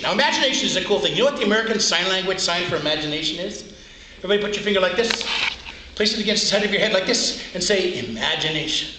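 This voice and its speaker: A man performing as a storyteller on stage before a live audience, playful and drawing the crowd in. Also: high voice. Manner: animated, playful, audience-involving. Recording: echoey hall with background noise.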